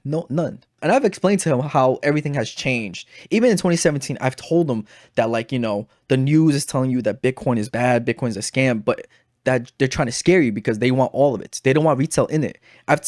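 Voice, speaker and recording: A young man telling a story to camera in a casual, animated, exasperated way, full of filler phrases. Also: mid-range voice, no echo, clean studio sound. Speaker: investing video creator.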